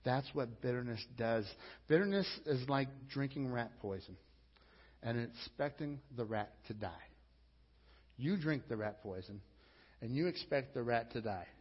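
A male pastor giving a sermon, emphatic, rising to loud appeals to the congregation. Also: medium pitch, unhurried, husky. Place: church sanctuary. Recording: dull audio with long church reverb.

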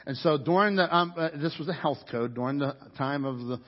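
A man's voice: on the high side, brisk. Male pastor, earnest sermon delivery, muffled lo-fi recording. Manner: earnest, urging, with restarts. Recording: dull sound with long hall reverb.

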